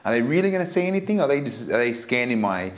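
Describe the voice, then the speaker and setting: A man's voice: medium pitch, big pitch swings, fast. A man co-hosting a casual podcast, musing aloud and making wry jokes. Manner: wry, musing, joking asides. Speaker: podcast co-host. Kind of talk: casual chat.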